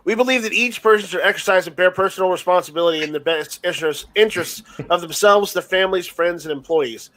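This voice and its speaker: A male host with a high voice reads a statement on a video call. He halts and restarts often, tripping over words as he goes. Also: a bit bright, poor audio. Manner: stumbling, halting reader. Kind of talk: casual chat and reading a statement aloud.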